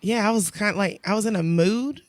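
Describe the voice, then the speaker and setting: A woman bartender chatting casually on a podcast, an animated, profane storyteller who restarts her sentences often. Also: medium pitch, fairly quick, no echo, clean studio sound.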